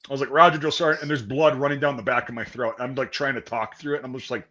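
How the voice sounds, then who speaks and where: A man's voice: mid-range voice, quick pace, muffled recording. A young man telling a rambling, profane story in casual chat and acting out the voices of the people in it. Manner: profane, animated storyteller, acts out quoted voices. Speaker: podcast host.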